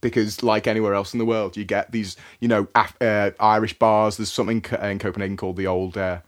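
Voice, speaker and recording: A man's voice: fairly low pitch, little pitch movement, quick pace. A young man co-hosting a podcast, chatting casually and telling stories with lots of "mate". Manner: chatty storyteller, says "mate" often. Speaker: podcast co-host. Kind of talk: casual chat.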